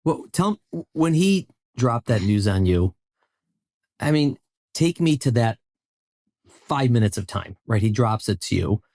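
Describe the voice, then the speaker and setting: Man hosting, probing with gentle questions. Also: medium pitch, big pitch swings, a little slow, pauses often. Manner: supportive, frequent short acknowledgments, probing follow-up questions. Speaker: podcast host. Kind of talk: interviewer chat.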